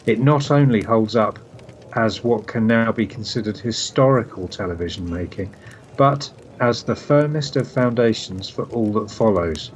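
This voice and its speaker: A man's voice: lowish voice, normal speed. Hesitant man reading listener mail. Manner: hesitant, with many restarts. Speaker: podcast co-host. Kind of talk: casual chat, reading listener messages. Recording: slightly dull sound with faint noise.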